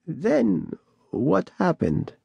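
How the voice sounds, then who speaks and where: A secretive, creaky-voiced old woman as a male narrator puts her on in an audiobook. Her voice sits high and unhurried, drawn out and insistent, in a dry, close recording. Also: wildly swooping pitch, mellow, no room sound, full character voice. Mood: probing.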